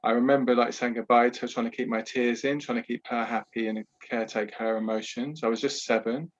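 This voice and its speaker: A man, a podcast guest who talks candidly and at a measured pace about his own past, often adding "you know". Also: medium pitch, little pitch movement, dull audio. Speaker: podcast guest, trauma healer. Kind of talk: reflective personal storytelling.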